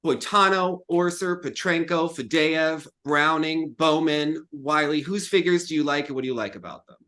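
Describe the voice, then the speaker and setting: A man hosting an interview in casual chat, with a chatty, animated way of asking questions. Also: on the high side, normal speed.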